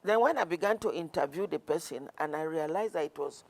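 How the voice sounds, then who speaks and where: Gravelly-voiced woman counsellor. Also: deep voice, expressive, a little fast. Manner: earnest, storytelling, with frequent restarts. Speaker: guest counsellor. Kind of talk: conversational interview.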